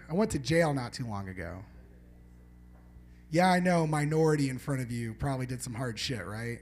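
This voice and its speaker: A man's voice: high voice, fairly bright tone. A man doing a live stand-up set in a small venue, rambling and swearing as he banters with the audience. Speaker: stand-up comedian.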